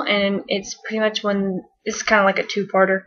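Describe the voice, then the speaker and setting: A young-sounding vlogger rambles happily through a casual fan countdown, sprinkling in lots of "um"s and soft giggles. Her middle-pitched voice stays steady, moving a little fast with few pauses. The home recording is dull and lo-fi.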